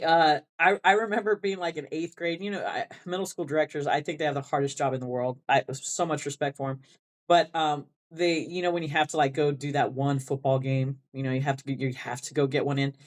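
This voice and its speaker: Rambling woman with a Valley accent. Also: low-pitched. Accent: South Texas Rio Grande Valley. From Rio Grande Valley, Texas. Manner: rambling, many restarts, laughs often. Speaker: band director, podcast guest. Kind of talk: casual interview chat.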